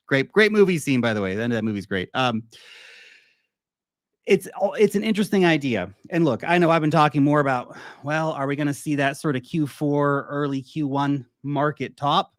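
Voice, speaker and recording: A man's voice: on the high side, no room sound, studio quality. A man hosting his own channel, giving casual, off-the-cuff market commentary with blunt opinions and frequent asides. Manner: chatty and off-the-cuff, with asides and quick laughs. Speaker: crypto channel host.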